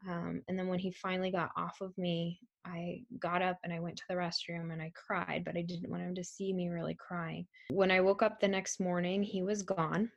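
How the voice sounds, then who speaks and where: A young woman telling a personal story in a halting, soft-spoken way, with frequent pauses and ums. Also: on the low side, little pitch movement, vocal fry, muffled recording. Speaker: survivor telling her story. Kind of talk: personal testimony.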